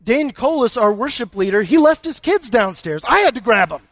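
A man's voice: very high voice, sing-song, moderate pace, fairly bright tone, no echo. A male pastor preaching a conversational sermon, telling stories with humor and often repeating words as he goes.

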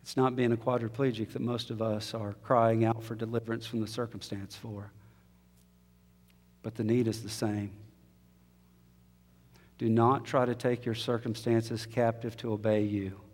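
A male preacher telling a story in a sermon, rising to impassioned peaks and then dropping to a soft hush. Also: medium pitch, little pitch movement, moderate pace, pauses often. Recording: long hall reverb.

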